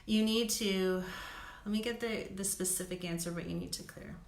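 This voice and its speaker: A woman's voice: mid-range voice, moderate pace, echoey room. A woman doing live card readings for viewers, chatty and laughing often, checking in with "okay?". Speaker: intuitive card reader.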